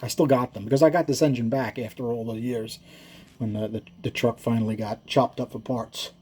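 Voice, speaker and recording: A man's voice: medium pitch, fairly even intonation, a little fast, a little mellow, slight background noise. A man who builds engines, explaining his work in casual, rambling shop talk that wanders into stories, with frequent self-corrections and chuckles.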